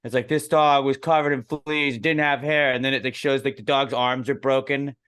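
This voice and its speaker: A young man co-hosting a podcast in casual chat, telling stories animatedly and jumping into high excited voices. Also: moderate pace, clean tone. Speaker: podcast co-host.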